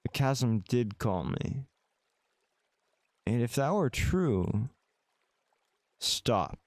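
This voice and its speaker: A man's voice: medium pitch, sing-song, drawn-out words, no room sound, clean studio sound. A man streaming a visual novel, reading the game text aloud with casual, wry asides to his chat.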